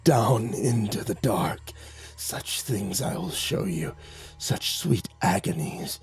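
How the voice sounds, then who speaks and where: A man voicing a cruel monster from the dark, speaking slowly and low with chuckling menace. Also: lively intonation, vocal fry, slightly rough, heavily acted. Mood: menacing. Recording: faint music behind.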